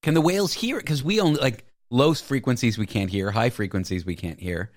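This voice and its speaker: A man hosting a radio show, asking quick questions and cracking jokes. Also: mid-range voice. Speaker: radio host. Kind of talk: casual radio chat.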